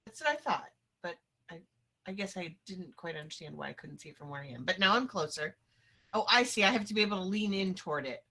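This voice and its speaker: A woman's voice: on the low side, quick pace, pushed and bright. A woman playing a tabletop game, chatty and a little flustered. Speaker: player. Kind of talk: casual game talk.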